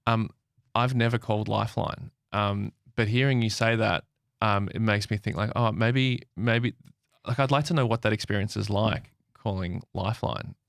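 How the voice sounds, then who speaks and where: A man's voice: lowish voice, steady tone, moderate pace, vocal fry, dry recording, studio quality. A man co-hosting a podcast, musing tentatively as he asks his guest a question. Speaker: podcast co-host. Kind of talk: conversational interview.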